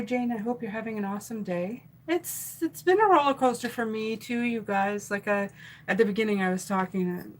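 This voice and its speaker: A woman's voice: mid-range voice, slight background noise, rough recording. Chatty woman reading tarot live. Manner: chatty, warm, rambling with fillers and restarts. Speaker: tarot reader. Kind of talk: live stream tarot reading, reading chat comments.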